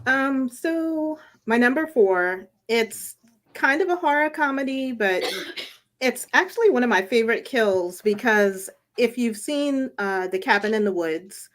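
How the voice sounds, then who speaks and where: A woman's voice: a little high, animated, unhurried. Woman, casual chat, enthusiastic, laughs a lot.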